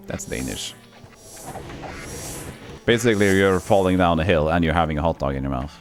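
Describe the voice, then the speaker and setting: A man's voice: low voice, animated, moderate pace, long pauses, soft background music. A man with a Norwegian accent chatting casually and joking while he streams a game live and reads chat aloud. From Norway.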